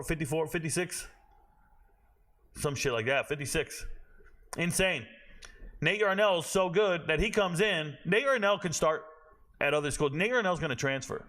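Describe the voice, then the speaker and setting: A man hosting a college football show, giving blunt, profane, animated opinions and muttering to himself as he checks stats. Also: on the high side. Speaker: college football podcast host. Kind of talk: casual opinionated commentary.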